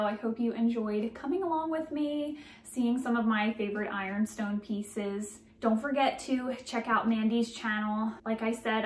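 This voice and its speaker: Bubbly high-voiced woman vlogger. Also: roomy sound. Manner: bubbly, gushing, chatty. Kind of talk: casual show-and-tell vlog.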